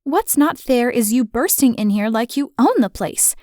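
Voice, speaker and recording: A woman voicing a hostile, bossy young woman in an audiobook, speaking in sharp, commanding and mocking tones. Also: fairly high pitch, sing-song, unhurried, no echo, clean studio sound.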